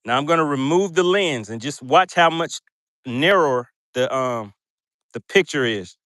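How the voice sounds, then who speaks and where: A man's voice: fairly high pitch, animated, moderate pace, a bit bright, no room sound, clean studio sound. A man hosting a fishing livestream from a boat, chatting casually and reading out viewer comments with frequent laughs.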